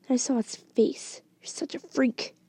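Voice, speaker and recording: A woman's voice: high voice, measured pace, mellow, no echo. A woman whispering as a sneering teenage girl bully. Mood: taunting. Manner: taunting, sneering.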